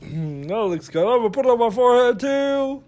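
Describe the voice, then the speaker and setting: A man's voice: very high-pitched, expressive, moderate pace, a little mellow. A man voicing a goofy, boastful woman beauty vlogger in a comic makeup-tutorial voice-over, with gasping exclamations and mild swearing. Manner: humming filler syllables while working. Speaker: husband narrating his wife's makeup tutorial.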